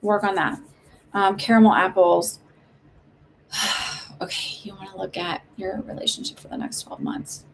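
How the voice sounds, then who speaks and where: A woman's voice: mid-range voice, huge pitch swings, normal speed, vocal fry, bright, forceful tone, slight background noise. A woman giving casual psychic readings on a live stream, chatty and reassuring, with many likes and ums.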